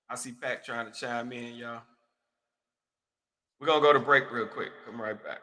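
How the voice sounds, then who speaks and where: Man, talk show host, bright tone, profane, casual, reverberant sound. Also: mid-range voice, steady tone, normal speed, long pauses. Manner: loose, profane, talks straight to listeners.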